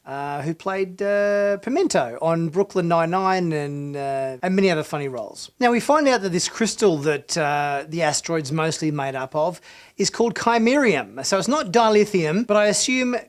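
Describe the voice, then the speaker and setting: High-voiced man rambling through a review. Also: animated, moderate pace. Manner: enthusiastic, rambling with many fillers and restarts. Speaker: TV review host. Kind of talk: casual episode review.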